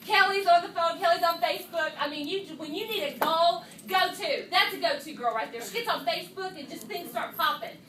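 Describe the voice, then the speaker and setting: A woman giving a lively, chatty motivational talk to her team at a meeting, calling them y'all. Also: very high-pitched, brisk, few pauses, roomy sound, far from the mic, a little hiss or hum, low-quality recording. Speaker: sales director speaking to her team. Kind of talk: motivational talk to a live audience. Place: meeting room with an audience.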